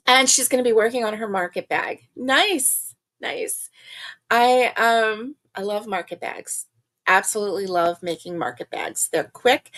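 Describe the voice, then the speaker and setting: An older woman talks slowly and easily as she hosts a casual live chat. Her voice sits a little high. She laughs often and greets viewers one by one. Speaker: livestream host.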